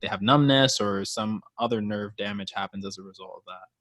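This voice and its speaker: A man with a fairly low voice co-hosting a podcast. He muses aloud and works through ideas slowly, recorded dry and close. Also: a bit bright, no room sound. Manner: thoughtful, wondering aloud. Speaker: podcast co-host. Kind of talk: casual podcast chat.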